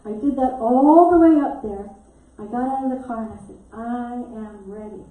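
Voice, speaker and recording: A woman's voice: sits high, a little fast, narrow, tinny audio. A middle-aged woman minister telling a story in a sermon, acting out what people said and often laughing. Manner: animated storyteller who acts out quotes and laughs often. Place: church sanctuary. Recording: echoey hall mic from a distance.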